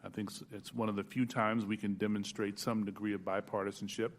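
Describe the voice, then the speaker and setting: A low male voice from an archival hearing clip. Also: level tone, a little fast. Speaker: speaker at a congressional hearing. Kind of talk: formal remarks.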